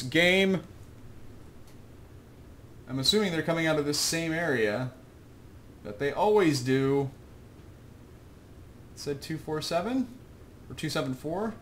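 A man's voice: on the high side, a bit bright, a little hiss or hum. Rambling, self-mocking gamer man. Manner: rambling, self-deprecating, chuckling asides. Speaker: let's play host. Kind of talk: casual gameplay commentary.

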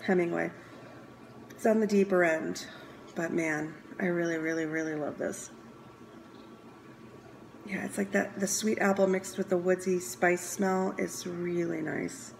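A woman casually reviewing scents, chatty and enthusiastic, pausing to sniff and muse aloud. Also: lowish voice, gravelly, a little hiss or hum, poor audio. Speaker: scent consultant reviewing products. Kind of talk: casual product review vlog.

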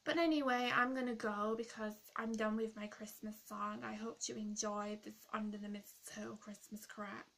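A rude young woman who hates Christmas sneers at her viewers in a gravelly, fry-edged voice, played by a woman. She is sarcastic and mocking, a role-play character in a vlog. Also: mid-range voice, steady tone, normal speed, hardly any pauses, fairly bright tone. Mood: sulky.

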